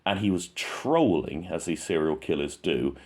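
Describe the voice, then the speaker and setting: Male true crime host, low register, conversational, restarts sentences as he thinks it through. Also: lively intonation, moderate pace, a little mellow. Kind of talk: casual true crime commentary.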